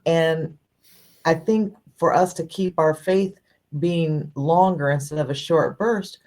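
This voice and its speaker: A woman's voice: sits low, takes it slowly, darkish tone. A woman co-hosting a faith podcast, speaking thoughtfully in a musing, casual way. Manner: thoughtful, musing, many fillers. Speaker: podcast co-host.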